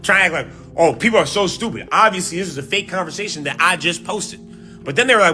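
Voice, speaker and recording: Animated, bright-voiced man mocking the news. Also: high-pitched, fast, soft background music. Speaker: podcast co-host. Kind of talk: casual commentary reading posts aloud.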